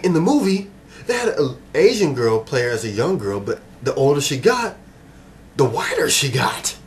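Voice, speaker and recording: A man in a worked-up rant about a movie, his mid-pitched voice going from grumbling to shouting. The recording is noisy, with vehicle sounds running behind him throughout. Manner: exasperated, swings between muttering and shouting. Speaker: movie reviewer. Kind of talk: ranting casual review.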